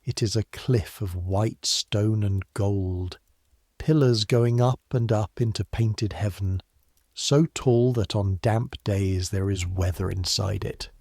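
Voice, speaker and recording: A man with a low, gravelly voice reads a bedtime history story aloud, speaking to the listener as "you". His delivery is slow and soft, with quiet hushed asides, and the recording is close and dry with no room sound. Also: fairly even intonation, no echo. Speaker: narrator. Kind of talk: scripted bedtime history narration in second person.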